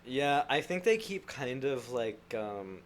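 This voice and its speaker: A man co-hosting a podcast in casual chat, playful and teasing, quick to laugh. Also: medium pitch, very animated, slight background noise. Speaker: podcast co-host.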